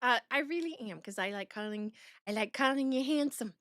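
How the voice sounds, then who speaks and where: A woman's voice: sits high, lively intonation, normal speed, bright, forceful tone, no room sound, clean studio sound. A woman streamer chatting casually with her viewers, giggling as she reads out chat messages. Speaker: streamer reacting to a video.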